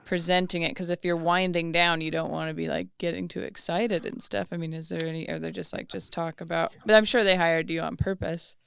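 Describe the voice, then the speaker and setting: A woman hosting a podcast, chatting casually in an upbeat way with frequent laughs and quick interjections. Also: fairly low pitch, steady tone, vocal fry, a bit bright, clean tone. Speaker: podcast host.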